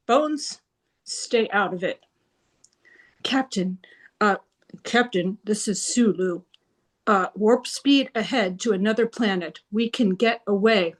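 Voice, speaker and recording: A woman performing an improvised comedy scene, switching between crew voices with a halting delivery. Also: medium pitch.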